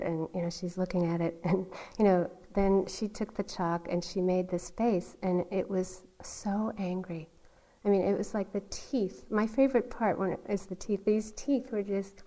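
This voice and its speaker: Woman meditation teacher, mellow warm tone, unhurried storytelling, gentle laughs. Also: mid-range voice, rough recording. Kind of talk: dharma talk. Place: meditation hall.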